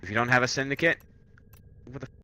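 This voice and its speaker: A man co-hosting casual gaming commentary, joking crudely and rowdily with sudden loud outbursts. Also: mid-range voice, fast. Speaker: gaming co-host.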